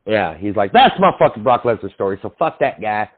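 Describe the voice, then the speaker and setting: A man's voice: lowish voice, sing-song, fairly quick, slightly rough. A young man co-hosting a podcast, telling a long, profane story with lots of acted-out quotes and fillers. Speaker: podcast co-host. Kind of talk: casual chat. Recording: tinny phone-like sound.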